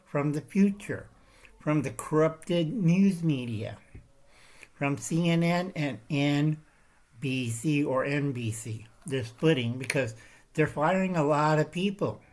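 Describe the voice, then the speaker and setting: A man's voice: on the high side, slow, a little mellow. A man hosting his own channel, talking through a rambling, emphatic political commentary monologue, often checking in with "Okay?" and "All right?". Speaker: channel host.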